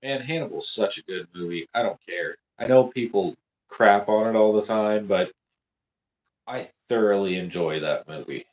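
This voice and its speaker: A man chatting casually in a movie commentary, relaxed and easygoing. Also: lowish voice, normal speed. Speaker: podcast co-host. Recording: dull lo-fi call audio.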